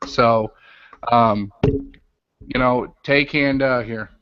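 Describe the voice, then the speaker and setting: A man's voice: medium pitch, fairly even intonation, drawn-out words, clean tone, dry recording. Man, casual host, rambling with fillers, dry dull lo-fi sound, garage webcast. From Illinois. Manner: rambling, many ums and uhs. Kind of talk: casual livestream chat. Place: home garage with door open.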